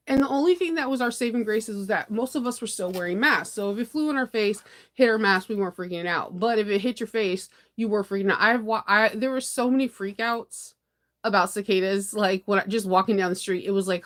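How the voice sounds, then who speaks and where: A woman's voice: mid-range voice, lively intonation, fairly quick. Woman from the US, sewing channel host, rambling morning live chat, laughs easily, mid-range voice, dramatic outbursts.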